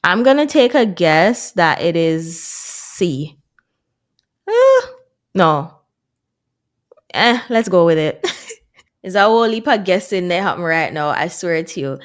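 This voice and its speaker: A woman with a slightly low voice chats casually to her viewers like a vlogger working through a lesson. She is chatty and self-mocking, and her voice often drops soft and low. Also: lively intonation, a little slow. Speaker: vlogger learning a language. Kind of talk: casual vlog chat to viewers.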